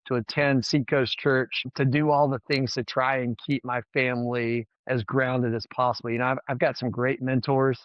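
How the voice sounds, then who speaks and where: A man's voice: medium pitch, little pitch movement, moderate pace, hardly any pauses, dry recording, muffled recording. A man, a former college baseball head coach, telling stories in a podcast interview in an earnest, emotional way, often repeating words as he goes.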